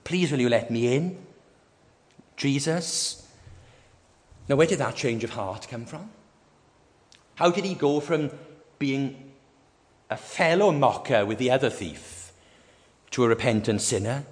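A man's voice: mid-range voice, animated, unhurried, long pauses. Fervent preacher man in a reverberant hall. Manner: earnest, rising fervour, rhetorical questions. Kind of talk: sermon.

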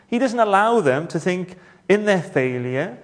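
A man preaching a sermon, measured and rhetorical, with dramatic pauses and questions to the congregation. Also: sits high, sing-song, in a large hall.

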